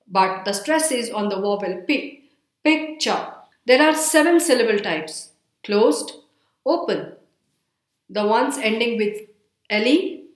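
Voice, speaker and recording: A woman with an Indian English accent giving a recorded lecture, speaking slowly and deliberately and spelling words out letter by letter. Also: fairly high pitch. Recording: echoey room.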